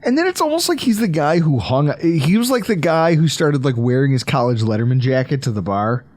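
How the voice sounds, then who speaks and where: A man hosting a podcast, talking about football in a joking, animated way with quick asides. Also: a little high, dry recording. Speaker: podcast host. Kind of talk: casual sports chat.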